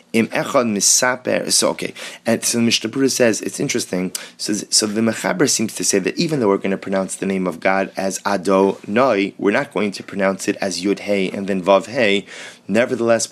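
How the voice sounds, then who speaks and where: Man reading and explaining religious law. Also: lowish voice. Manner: reads Hebrew passages slowly, then explains in English. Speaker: Torah teacher.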